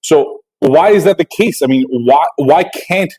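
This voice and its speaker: A man's voice: on the high side, a little slow, darkish tone, slightly rough, poor audio. A man hosting a podcast interview, talking things through in a conversational, questioning way with many fillers. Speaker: podcast host.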